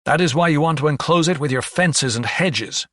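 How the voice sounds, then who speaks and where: A man's voice: a little high, moderate pace, a bit bright, dry recording, studio quality, pitched above the performer's own voice, lightly acted. A man voicing a young, earnest doctor who speaks with indignation. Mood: indignant.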